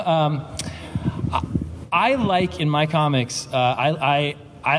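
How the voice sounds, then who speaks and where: A middle-aged man, a comic book writer, chatting casually on a convention panel, rambling with stammered restarts, swearing and laughing. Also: fairly high pitch. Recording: reverberant hall with audible background noise.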